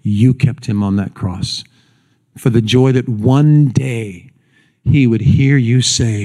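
A man preaching a sermon to a congregation. He tells a folksy story, then slows and drops low and quiet for the solemn points. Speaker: pastor.

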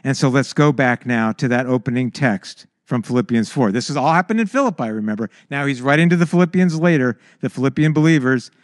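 A man preaching a sermon in an animated way, stammering when excited and breaking into anguished high cries. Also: fairly quick, few pauses, no echo, clean studio sound.

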